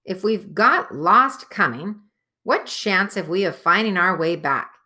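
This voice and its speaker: A woman voicing a gruff, excitable male dwarf warrior in an audiobook, exclaiming and arguing. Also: lowish voice, measured pace, pitched above the performer's own voice. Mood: exasperated. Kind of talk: audiobook character voice.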